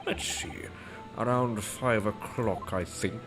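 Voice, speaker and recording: A man's voice: lowish voice, slow. A man reading the lines of a blustering older British retired army man in a game, with pompous old-fashioned phrasing, over game music.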